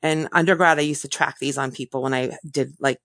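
A woman therapist answering interview questions in a thoughtful way, often pausing and correcting herself. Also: extremely low pitch, fairly even intonation, fairly bright tone, no room sound, studio quality. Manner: thoughtful, self-correcting, many fillers.

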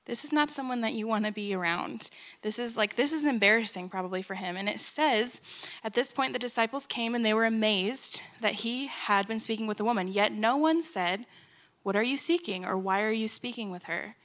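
A woman's voice: a little high, fairly quick, fairly bright tone. Young woman teaching in a sermon. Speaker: co-speaker.

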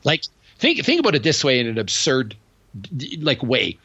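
A man's voice: mid-range voice, huge pitch swings, moderate pace, sharp tone, slightly rough, no echo, muffled recording. A man hosting a podcast, chatting casually and telling joking stories with lots of restarts. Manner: joking storyteller, trails into restarts. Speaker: podcast host. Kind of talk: casual chat.

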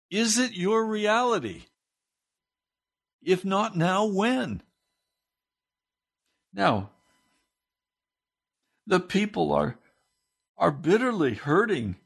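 A male pastor delivering a sermon in an unhurried, measured cadence. His voice is slightly high for a man and carries a gravelly rasp. He climbs sharply in pitch on emphatic questions. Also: big pitch swings. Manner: preaching with wide swings in pitch, rising to emphatic high questions.

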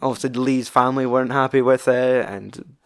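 A man's voice: mid-range voice, steady tone, brisk, smooth. A young man with a Scottish accent chatting casually about a film, rambling and swearing freely.

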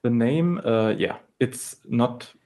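A man being interviewed about his studio's game, speaking hesitantly with frequent pauses and filler sounds. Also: medium pitch, warm tone. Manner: hesitant, many ums and restarts. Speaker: game developer guest. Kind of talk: casual interview chat.

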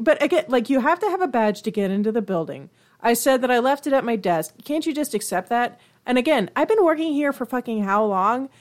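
Young woman, slightly high voice, heated and foul-mouthed podcast co-host. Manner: profane, ranting, heated. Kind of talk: casual chat.

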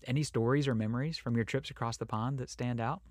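A man's voice: mid-range voice, steady tone, quick pace, darkish tone, no echo, studio quality. A man hosting an interview, asking easygoing questions. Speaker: interviewer, host.

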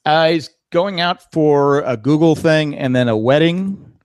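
A man's voice: on the high side, unhurried. A man hosting a podcast in casual, joking chat, thanking listeners and steering the talk. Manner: joking, thanks patrons and wraps up the show. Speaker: podcast host.

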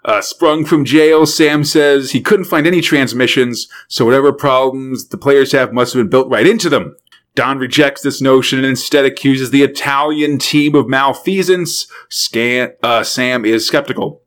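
Male podcast co-host, relaxed recap delivery, mid-pitched, filler-heavy and easygoing. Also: normal speed. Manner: laid-back storytelling with frequent fillers and laughs. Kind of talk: casual chat.

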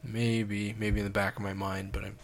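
A man co-hosts a film review podcast in casual chat, hesitant, often restarting and trailing off mid-thought. His voice sits on the low side with little pitch movement, at normal speed, with slight background noise.

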